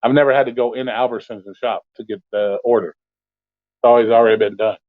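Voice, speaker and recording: A man's voice: mid-range voice, steady tone, fairly quick, no room sound. A man hosting an open forum talk stream, ranting bluntly in casual chat and swearing constantly. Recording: dry, phone-like audio.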